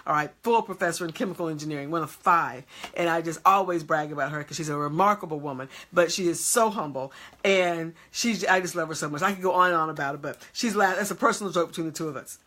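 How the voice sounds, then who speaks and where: A woman's voice: low voice, fast talker, sharp tone. A woman preaching an emphatic motivational sermon, repeatedly checking in with her audience.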